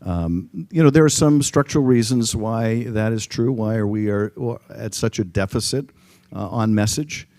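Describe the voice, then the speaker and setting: A middle-aged congressman answering an audience question at a panel, speaking in a measured way with frequent ums and restarts. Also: fairly low pitch, a little mellow, dry recording. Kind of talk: public panel talk. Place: conference room.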